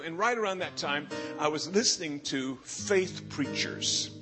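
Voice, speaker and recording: A bishop in his sixties telling a personal story in a sermon, animated and imitating other preachers' drawling catchphrase. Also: on the high side, normal speed, over music.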